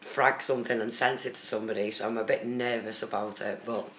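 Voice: mid-range voice, fairly even intonation, brisk, a bit bright. A host chatting casually on a phone live stream, talking to viewers in the chat by name. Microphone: phone camera. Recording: roomy with faint background noise.

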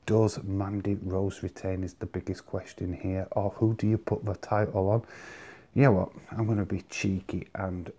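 A man's voice: low-pitched, mellow. A man hosting his own vlog, chatting casually and confidently giving his predictions. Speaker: wrestling vlog host. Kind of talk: casual solo commentary.

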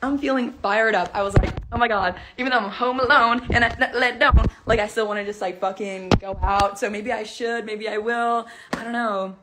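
A woman's voice: on the high side, fairly even intonation, normal speed, few pauses, very noisy. A young woman hosting a casual live stream from home, talking in a hyper, rambling, giddy way into her phone. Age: young adult. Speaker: livestream host. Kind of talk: casual livestream chat. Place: at home, alone.

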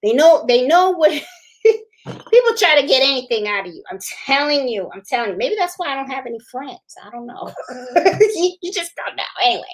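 A woman with a high voice talks casually on a live stream. She rambles and repeats phrases, greets viewers, and laughs often. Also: expressive, normal speed, poor audio. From Puerto Rican. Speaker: livestream host.

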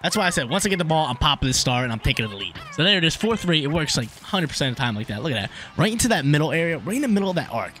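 A young man giving live commentary over his own online soccer game, excitable and swinging between hype and frustration. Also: fairly high pitch, rapid-fire, hardly any pauses, soft background music. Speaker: gaming YouTuber.

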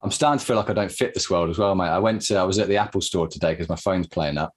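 Laid-back british guy in his 30s, low husky voice, keeps saying mate. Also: very fast. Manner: laid-back, laughs often, says mate a lot. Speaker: podcast guest. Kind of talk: casual chat.

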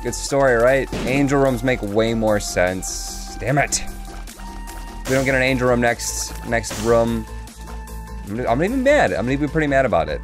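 An excitable man talks his way through a video game at a middling pitch. His voice leaps around with big swings between lows and sudden highs. Game music plays clearly behind him. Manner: excitable, jokey, chatty with the game. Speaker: gaming channel host. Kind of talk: let's play commentary.

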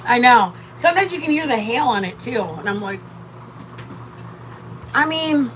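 High-voiced, rambling woman vlogger. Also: lively intonation, a little slow, a bit bright, slight background noise, poor audio. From Michigan. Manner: rambling, chatty, laughs often. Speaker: vlogger cooking with her partner. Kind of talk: casual live-stream chat. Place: RV campsite during a rainstorm.

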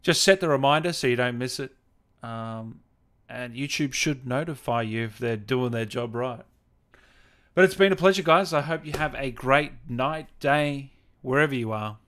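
A man's voice: mid-range voice, moderate pace, a bit bright. A man hosting a gaming livestream interview, chatting casually, reading out viewer comments and laughing often.

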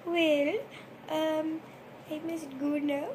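High-voiced woman rambling slowly at home. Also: fairly even intonation, a little hiss or hum. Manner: rambling and self-mocking, drifting from mumbles to sudden loud bursts. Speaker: vlogger. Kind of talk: casual rambling vlog. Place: at home, lying on her bedroom floor.

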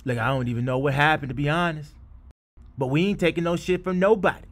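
A man doing loud, rowdy comedic voiceovers over basketball clips, full of trash talk. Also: a little high, steady tone, fast talker, background noise.

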